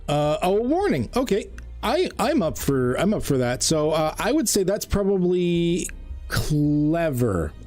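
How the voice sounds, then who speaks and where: A man acting as game master of a tabletop role-playing game. He rambles, often pausing with ums and correcting himself mid-sentence. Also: on the high side, big pitch swings, a little mellow, faint music behind. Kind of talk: running a tabletop game online.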